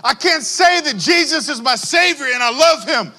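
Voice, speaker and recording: A man preaching a sermon to a congregation, animated and calling out for responses from the crowd. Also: very high-pitched, normal speed, long reverb tail. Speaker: pastor.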